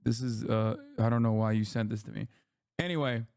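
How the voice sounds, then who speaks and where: Crisp-voiced casual streamer man. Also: medium pitch, fairly even intonation, brisk, darkish tone, dry recording, clean studio sound. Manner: casual, profane, wry. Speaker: streamer host. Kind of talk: live-stream reaction commentary.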